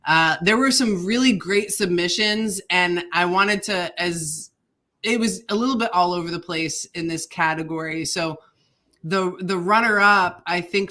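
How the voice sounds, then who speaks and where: Bright-voiced woman co-hosting a podcast. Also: lowish voice. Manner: chatty, laughs often, many fillers. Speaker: podcast co-host. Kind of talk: casual podcast chat.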